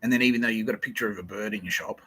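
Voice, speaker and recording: A young man hosting a podcast, rambling through a profane, excitable solo monologue that jumps from idea to idea. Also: fairly low pitch, husky, poor audio. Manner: profane, excitable, fast-shifting and digressive. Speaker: podcast host.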